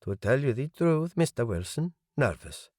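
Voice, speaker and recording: A male audiobook narrator playing a grieving young man who speaks in a measured, rueful way. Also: mid-range voice, very animated, darkish tone, no room sound, clean studio sound, voice pushed up. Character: young adult man, grieving politician's son, guarded.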